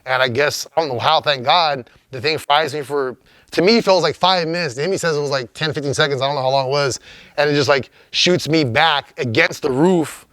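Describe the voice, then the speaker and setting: A young man from Los Angeles, a graffiti writer, telling a story in an interview in a rambling, profane, animated way. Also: a little high, brisk, no room sound, studio quality.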